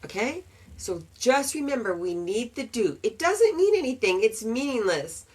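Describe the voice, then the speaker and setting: A woman teaching grammar, going through example questions slowly and repeating them. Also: on the high side, very animated, a little mellow, husky. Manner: slow, deliberate, repeats example sentences. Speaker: English teacher. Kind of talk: explanatory grammar lesson.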